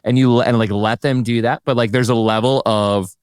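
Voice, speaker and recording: A man's voice: mid-range voice, steady tone, darkish tone, clear, resonant tone, dry recording, clean studio sound. A man hosting a podcast, chatting with enthusiasm and eagerly agreeing with his guest. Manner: enthusiastic and agreeable, quick to affirm. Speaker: podcast host. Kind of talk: casual interview chat.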